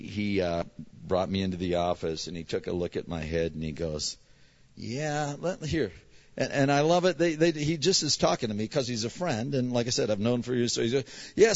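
A man's voice: lowish voice, muffled recording. A middle-aged man, a pastor, telling a chatty, self-mocking story to his congregation and acting out the voices of others. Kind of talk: casual storytelling from the pulpit.

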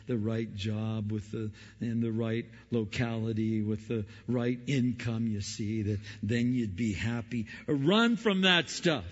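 A male pastor preaching slowly and deliberately, leaning on emphasis and rhetorical questions. His voice carries a long hall reverb, and the recording sounds dull and lo-fi. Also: fairly low pitch, dark tone. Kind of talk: sermon.

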